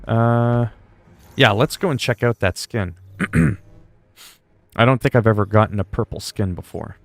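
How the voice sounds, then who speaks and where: A man's voice: lowish voice, expressive, a little slow, creaky. A man chatting casually on a game livestream, rambling and swearing freely. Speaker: game streamer.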